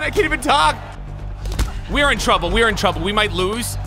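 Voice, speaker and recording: A high, lively young man talking over his game as he plays, loud and excitable, swinging from yells to tired mutters. His voice jumps up and down in pitch, and game music plays loudly behind him. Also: normal speed, long pauses. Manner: excitable, yelling at the game, crude jokes. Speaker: gaming YouTuber. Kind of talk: live gameplay commentary.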